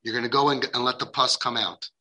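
Bright-voiced man lecturing parents. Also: mid-range voice, steady tone, fast, low-quality recording. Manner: emphatic, acts out quoted dialogue; uses Hebrew and Yiddish religious terms. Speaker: parenting guide addressing parents.

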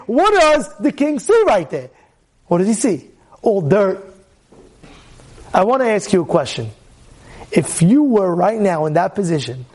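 A high-voiced man teaches a Torah lesson as a lively story, firing repeated rhetorical questions at his listeners. At the big moments he suddenly gets loud.

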